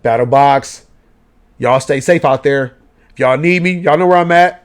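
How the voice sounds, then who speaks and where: A man's voice: mid-range voice, moderate pace. A man, giving a profane late-night rant as a gaming vlogger. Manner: profane, animated ranting in slang.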